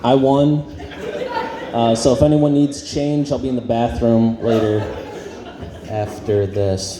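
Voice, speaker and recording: A man's voice: mid-range voice, steady tone, unhurried. A man doing an awkward, self-deprecating stand-up set on a club stage, full of ums and trailing off. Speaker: stand-up comedian. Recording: roomy club sound with audience noise. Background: audience laughter.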